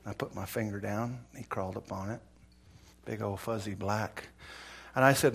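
A man preaching a sermon, telling a story in a folksy, animated way and acting out the voices of its people. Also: fairly low pitch, normal speed, creaky, husky. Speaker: pastor.

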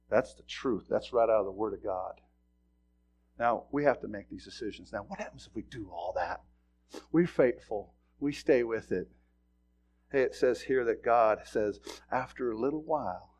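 A middle-aged male pastor preaching a sermon, telling a personal story in a folksy, animated way with sudden loud bursts. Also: mid-range voice.

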